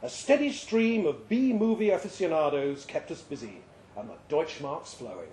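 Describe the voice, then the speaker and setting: Lively male reader, roomy live room. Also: on the high side, moderate pace. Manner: lively, expressive storytelling. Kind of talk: live reading of a short story. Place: live reading event at a pub. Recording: roomy live venue sound.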